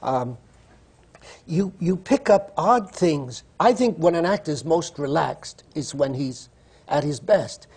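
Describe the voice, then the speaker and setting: A man's voice: a little high, lively intonation, slow, darkish tone, slightly rough. A man, a stage actor, telling amused stories on a panel, with frequent stumbling restarts.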